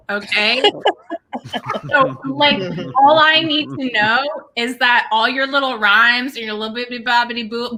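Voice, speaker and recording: A woman puts on a brash, foul-mouthed princess who trash-talks her rival in an improv comedy battle. The voice sits high and very bright. She taunts at an unhurried pace. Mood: boastful. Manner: trash-talking, swearing, taunting. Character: brash trash-talking young princess, cocky and crude.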